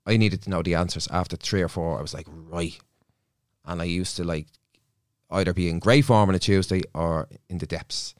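Man, middle-aged, low voice, dry studio sound, reflective guest storyteller. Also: normal speed, smooth, no room sound. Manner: reflective, storytelling, often quotes himself. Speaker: therapist and podcast guest. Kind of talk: casual studio podcast chat. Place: podcast studio.

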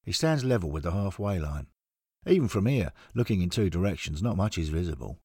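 Deep husky male storyteller. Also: very animated, a little fast, darkish tone, no room sound, studio quality. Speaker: narrator. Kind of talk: scripted narration.

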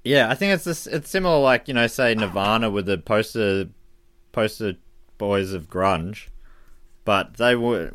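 A man with a fairly low voice chats casually on a podcast, thinking aloud with plenty of fillers. The sound is dry and close. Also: fairly bright tone, dry recording. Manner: musing, rambling with fillers. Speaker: podcast co-host. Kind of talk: casual chat.

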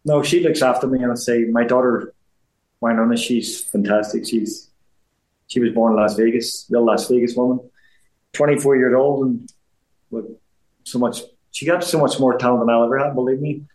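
A man's voice: mid-range voice, moderate pace, darkish tone. Belfast man rambling in a roomy space. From Belfast, Northern Ireland. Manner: rambling, repeats himself, frequent restarts. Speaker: interview guest, former boxer. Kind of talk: casual interview chat.

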